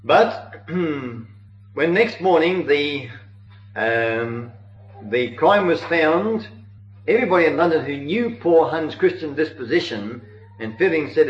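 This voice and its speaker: A man's voice: a little high, a little slow. A man giving a sermon on church history, telling it earnestly with occasional hesitations, in a dull, roomy old recording. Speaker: preacher.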